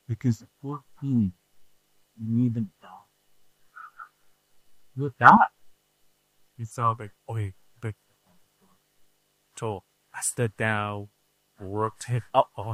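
A male preacher telling a story in a sermon, animated and acting out the scenes with shouts. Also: on the low side, slow pace, pauses often, no echo, poor audio.

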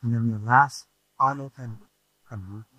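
A male preacher telling a story in a sermon, animated and acting out the scenes with shouts. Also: mid-range voice, unhurried, no echo, lo-fi sound.

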